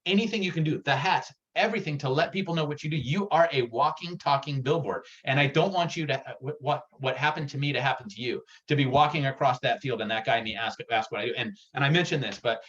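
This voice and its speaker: An energetic man giving a workshop presentation as a real estate sales coach, talking in an excitable, punchy and direct way. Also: mid-range voice, quick pace, few pauses. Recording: dull lo-fi recording.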